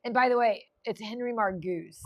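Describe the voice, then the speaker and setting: A woman's voice: on the high side, moderate pace, lo-fi sound. A woman co-hosting a podcast in casual chat, reacting emphatically and adding playful asides. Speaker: podcast co-host.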